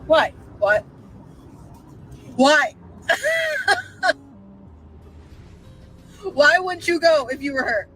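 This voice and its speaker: A woman's voice: sits high, expressive, takes it slowly, pauses often, a bit bright, soft background music, poor audio. A woman hosting a live stream, commenting casually with incredulous rhetorical questions and frequent laughter.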